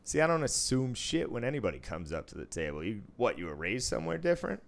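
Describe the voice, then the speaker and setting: A man's voice: mid-range voice, sing-song, fast, creaky. A man in his thirties telling a story in casual chat, blunt and profane.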